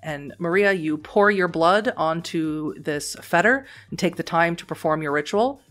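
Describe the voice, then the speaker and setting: Woman, game master, tabletop game, lowish voice, matter-of-fact, faint music behind. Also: unhurried, a bit bright. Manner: matter-of-fact, rules-focused narration.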